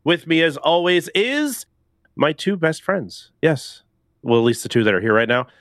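A man's voice: fairly high pitch, lively intonation, normal speed, a bit bright, no echo, clean studio sound. A man hosting a casual gaming podcast, rambling loosely and laughing often. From Canada. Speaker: podcast host.

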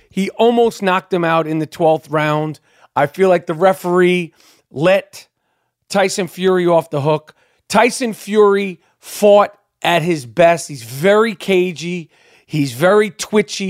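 A man's voice: high voice, dry recording, clean studio sound. A middle-aged man hosting his own podcast, ranting in a rambling, profane way. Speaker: podcast host. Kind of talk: casual ranting monologue.

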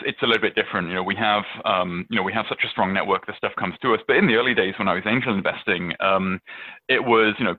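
A British man with a lowish voice tells stories casually, full of "um" and "you know" and restarted phrases. The sound is dry and thin, squeezed through a phone-like line. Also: no room sound. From England. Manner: chatty, many fillers and restarts, storytelling. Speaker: venture capitalist guest. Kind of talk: casual interview answers.

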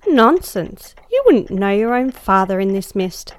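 A woman voicing a lively young American woman who brushes off her sister's worries with a scoffing, breezy manner. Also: medium pitch, unhurried.

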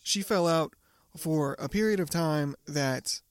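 A man's voice: a little high, slow pace, clean tone. A young man co-hosting a podcast in casual chat, laughing often and swearing freely, feeling like he's getting sick. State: getting sick, off all day. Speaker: podcast co-host.

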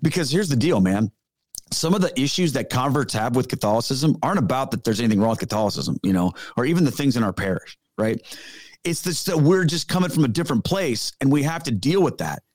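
An earnest middle-aged man tells stories as a podcast guest, emphatic and casual in his phrasing. His voice sits at an ordinary pitch, recorded dry and close with no room sound. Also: lively intonation, quick pace, a little mellow, no echo. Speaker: podcast guest, former pastor. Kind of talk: conversational storytelling.

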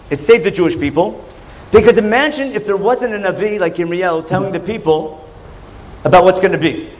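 Man, high voice, Torah class teacher, conversational lecture, quizzes the listeners. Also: poor audio. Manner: questioning, conversational, asks the audience.

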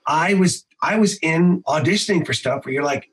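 He's a voice actor and improv teacher, lively in a casual podcast interview, swearing freely and breaking into fast impressions. His voice is a little high, on a rough recording.

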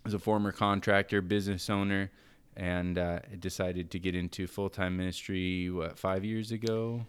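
An American man hosting a podcast, moving from an upbeat scripted intro into relaxed, joking banter with a guest. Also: low-pitched, moderate pace, clean tone. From United States. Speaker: podcast host. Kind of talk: casual podcast chat.

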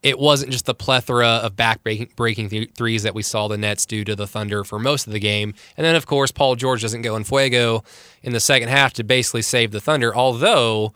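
A man's voice: medium pitch, steady tone, fairly quick, bright, forceful tone, clean tone, dry recording, clean studio sound. A man hosting a casual sports podcast, joking around and rambling with frequent self-corrections. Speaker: podcast host.

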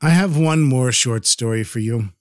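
A man telling a traditional story in a gentle, earnest way, dropping in Hebrew and Yiddish words. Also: medium pitch, normal speed, faint music behind. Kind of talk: storytelling narration.

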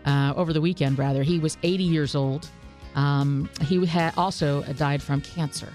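A woman reading entertainment news on a morning radio show, chatty and quick to laugh. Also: sits low, steady tone, a little mellow, soft background music. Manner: chatty, laughs through stories. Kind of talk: casual radio news segment.

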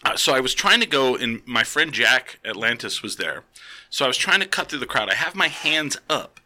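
A man's voice: mid-range voice, moderate pace. A man co-hosting a casual chat, telling profane stories with laughter. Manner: animated, profane, laughing storyteller. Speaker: co-host.

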